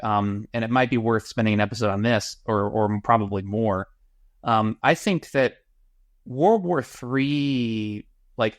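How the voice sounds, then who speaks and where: A man co-hosting a podcast in casual discussion, halting and repeating words as he works out his thoughts. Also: mid-range voice, dry recording, studio quality. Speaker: podcast co-host.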